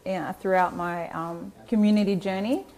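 A woman's voice: medium pitch, fairly even intonation, moderate pace, darkish tone. Earnest woman guest. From Australia. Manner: earnest, reflective, many restarts. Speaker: guest, community organizer. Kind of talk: casual chat.

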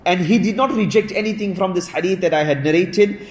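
A man's voice: high voice, a little fast. A man giving a religious lesson. He explains by repeating himself, uses fillers like "you know" and "et cetera", and reads short Arabic quotes before translating them. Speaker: religious teacher. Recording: roomy recording with faint background noise.

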